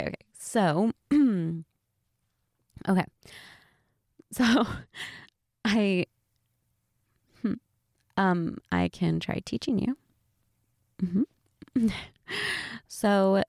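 A woman's voice: mid-range voice, vocal fry, a little mellow, dry recording, studio quality. A woman in a one-sided role-play chat, telling a friend a story, giggly and laughing as she talks. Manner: giggly, keeps laughing and restarting.

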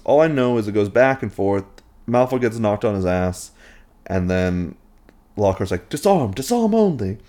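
A man's voice: low-pitched, a little mellow. A man giving a casual, rambling film recap with a playful, irreverent tone and lots of filler words.

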